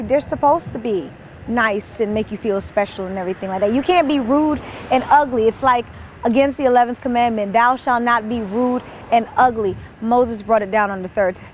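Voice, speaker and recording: A woman, delivering an animated, exasperated comic rant as a monologue. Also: fairly high pitch, slight background noise. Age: 20s. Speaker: comedian.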